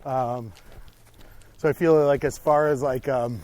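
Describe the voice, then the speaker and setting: A man's voice: medium pitch, measured pace. A young man chatting on a walk through a park, telling stories with lots of swearing and acted-out reactions. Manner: animated storyteller, swears a lot, acts out his own reactions. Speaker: podcast guest. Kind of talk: casual chat on a walk. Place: outdoors on a park hiking trail.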